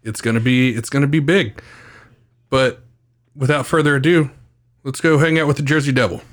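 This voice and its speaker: A man's voice: mid-range voice, steady tone, moderate pace. Brief: male podcast co-host, easygoing and profane, casual chat. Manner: laid-back, swears freely, slangy.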